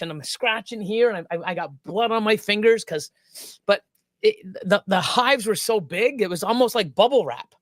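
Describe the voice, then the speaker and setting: A man co-hosting a live stream tells a story in casual chat, his voice high-pitched, expressive, a bit bright and a little fast, on a dry recording. He rambles and swears freely, stopping and restarting many times.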